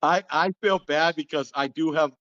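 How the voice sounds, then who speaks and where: A man's voice: a little high, moderate pace, pushed and bright, dull audio. A man hosting a podcast, telling a story casually and animatedly, acting out quotes and laughing often. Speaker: podcast host.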